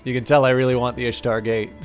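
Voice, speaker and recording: A man in the middle of his usual pitch gives live commentary on a strategy game as he plays. He reasons out loud and often breaks off to restart his sentences, amused at his own choices. Soft game music runs quietly behind him. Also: fairly even intonation, fast. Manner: thinks aloud with frequent fillers and restarts, self-amused. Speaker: game streamer.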